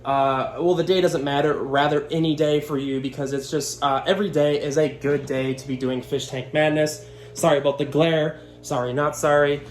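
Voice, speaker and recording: A man's voice: fairly high pitch, fairly even intonation, moderate pace, a little hiss or hum. A man hosting his own fishkeeping channel, talking in a hyped, rambling way with lots of fillers and self-mocking asides. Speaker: aquarium channel host. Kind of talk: casual vlog talk.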